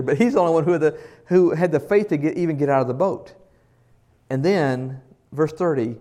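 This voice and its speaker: An earnest male pastor preaches a sermon in a somewhat high voice. He grows loud and emphatic, then drops to soft tones. He puts questions to the congregation.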